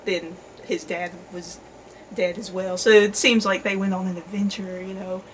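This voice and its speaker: A woman co-host talks at an ordinary mid pitch in a loose, rambling manner, often laughing and trailing off. A soft hiss runs under the recording. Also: normal speed, poor audio. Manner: relaxed, rambling, frequent fillers and laughs. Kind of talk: casual chat.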